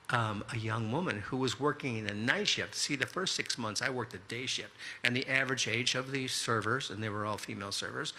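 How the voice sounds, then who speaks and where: Guy in his 60s spinning a story at a live event, gravelly and really bright, acts out all the dialogue. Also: mid-range voice. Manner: lively anecdotal, acts out quoted dialogue. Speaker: contributing author.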